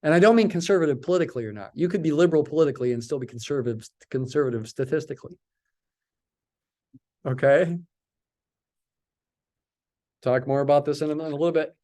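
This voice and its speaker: Talking quickly but pausing often, a man lectures on statistics in a slightly high voice with a darkish tone. He repeats words for emphasis and asks himself questions before answering them, in this recorded math lecture.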